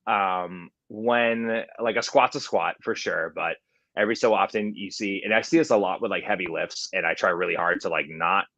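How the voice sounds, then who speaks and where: Deep-voiced man, halting casual chat. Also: gravelly, a bit bright, no room sound, lo-fi sound. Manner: hesitant, many fillers and restarts. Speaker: CrossFit competition MC and coach.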